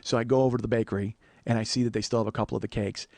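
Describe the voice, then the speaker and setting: On a podcast, a man spins a long comic story, cursing freely and voicing both sides of a conversation, laughing as he goes. His voice is fairly low and rapid-fire, with no room sound at all.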